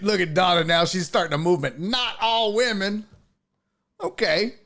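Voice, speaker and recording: A man's voice: extremely high pitch, fairly bright tone. A man hosting a casual sports talk stream, reading viewer comments aloud and riffing on them in loose, profane banter. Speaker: sports talk show host.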